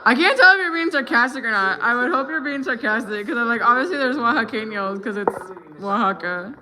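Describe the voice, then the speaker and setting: A woman's voice: on the high side, fairly quick. A woman in her thirties with an American accent, chatting casually on a live stream, switching between English and Spanish and greeting viewers. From United States. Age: 30s. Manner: relaxed, hesitant with fillers while crafting. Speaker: livestreaming vlogger.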